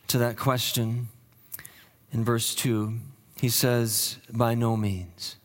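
A male pastor preaching a sermon, teaching earnestly with frequent restarts and fillers, dropping low and slow to stress key points. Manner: drops low and slow for emphasis.

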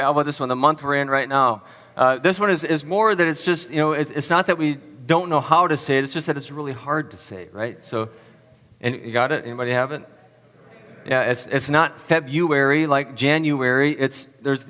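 A man's voice: medium pitch, pushed and bright. A man preaching a sermon to a live audience, chatty and self-deprecating, quizzing the crowd with questions. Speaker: pastor. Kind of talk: sermon with a playful word quiz. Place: church hall with an audience. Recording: long reverb of a large hall.

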